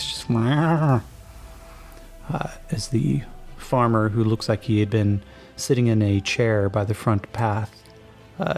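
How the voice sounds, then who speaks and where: A man with a gravelly, mellow voice narrates a tabletop game as game master. He rambles along in a laid-back way, full of fillers, while soft music plays underneath. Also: on the low side.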